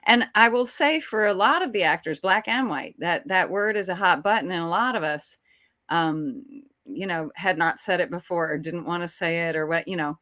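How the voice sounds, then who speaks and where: Chatty, animated actress telling a story. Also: female voice, on the low side, normal speed, dry recording, clean studio sound. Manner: animated, chatty, frequent restarts and laughs. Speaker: actress, interview guest. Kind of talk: storytelling in a casual interview.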